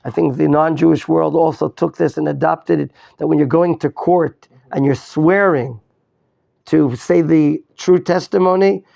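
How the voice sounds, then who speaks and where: Gravelly rabbi quizzing his class. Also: high-pitched, darkish tone, highs cut off. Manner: quizzes students, repeats questions, mixes in Hebrew terms. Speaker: rabbi teaching a Torah class. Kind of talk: interactive Torah lesson.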